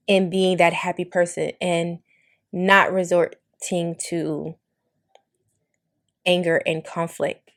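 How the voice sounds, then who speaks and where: A young adult woman hosting a podcast, talking candidly and emotionally with blunt language and frequent swearing. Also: on the low side. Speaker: podcast host. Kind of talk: candid monologue.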